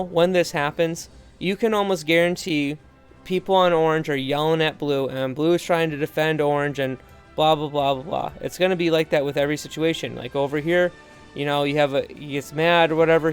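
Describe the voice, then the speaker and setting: A man's voice: on the high side, smooth. A man talking referees through game footage in an earnest, conversational way, full of asides and restarts. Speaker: referee trainer. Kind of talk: instructional video commentary.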